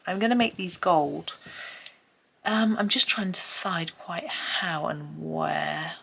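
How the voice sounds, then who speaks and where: A woman's voice: fairly low pitch, pushed and bright, slight background noise. A woman with a mild British accent, chatting in a rambling way as she colours at her desk at home. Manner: rambling, chatty, many ums and restarts. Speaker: colouring channel host. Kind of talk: casual chat while colouring.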